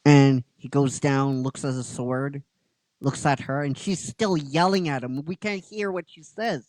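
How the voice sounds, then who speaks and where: A man's voice: mid-range voice, unhurried, dry recording. A man hosting a show, retelling an episode with energy, often restarting and stressing his words. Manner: animated, with restarts and emphatic stresses. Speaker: host.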